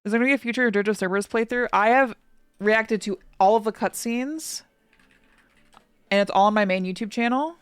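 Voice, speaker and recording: An excitable woman streamer chats casually while reacting to a game, her talk full of "like" fillers as she gushes. Her voice sounds close and dry. Faint game music plays behind her. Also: fairly high pitch, brisk, smooth, dry recording. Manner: excitable, gushing, heavy on "like" fillers.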